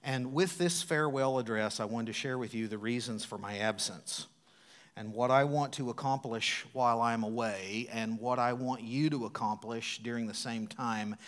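A man preaching a sermon in a church. His delivery is dramatic and swings from loud, emphatic lines down to hushed, near-whispered ones. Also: medium pitch, moderate pace. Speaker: pastor. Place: church sanctuary.

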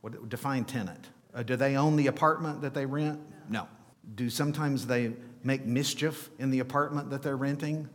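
A man preaching a sermon as pastor, animated and asking his listeners rhetorical questions. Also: medium pitch, moderate pace. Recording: long reverb of a large hall.

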